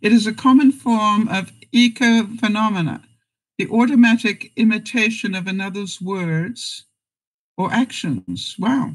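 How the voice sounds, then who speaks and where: A woman's voice: medium pitch, measured pace, poor audio. A woman hosting a casual live stream, reading out jokes and viewer comments and laughing often.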